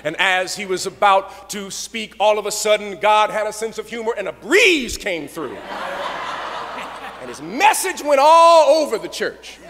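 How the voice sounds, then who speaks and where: A male pastor lecturing in a dramatic preaching cadence, swinging from shouts down to hushed tones. His voice is high and bright. It rings in a big lecture hall with a long reverb tail. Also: big pitch swings, measured pace, slight background noise.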